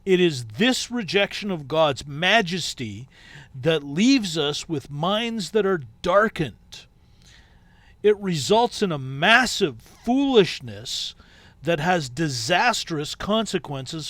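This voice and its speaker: A man hosting a podcast, reading a book aloud in a measured way and breaking off into casual asides. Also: fairly high pitch, big pitch swings, fairly bright tone, dry recording. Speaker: podcast host.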